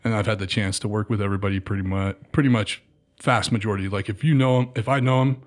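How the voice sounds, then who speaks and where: Man, 30s, casual storyteller, low pitch, animated, lots of "dude". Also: fast. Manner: animated, acts out quotes, says "dude" a lot. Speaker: guest, former military contractor.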